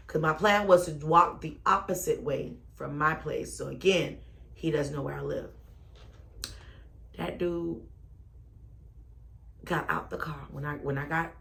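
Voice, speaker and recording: A woman telling a story, sassy and expressive, rising to loud exclamations and then dropping low. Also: gravelly. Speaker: storyteller vlogger. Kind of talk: animated personal storytelling.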